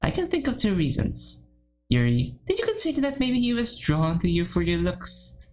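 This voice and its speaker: A woman's voice: lowish voice, huge pitch swings, moderate pace, darkish tone. A woman voicing a blunt, exasperated teenage girl who leads a school club, in a voiced visual novel reading. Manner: incredulous, scolding, then coaxing.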